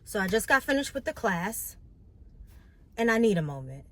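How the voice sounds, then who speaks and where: A woman's voice: medium pitch, sing-song, moderate pace, over music. A candid, chatty woman in middle age speaks to camera in a casual vlog. She reflects openly on her week and shares her thoughts with her followers. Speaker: vlogger and makeup artist. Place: New York City.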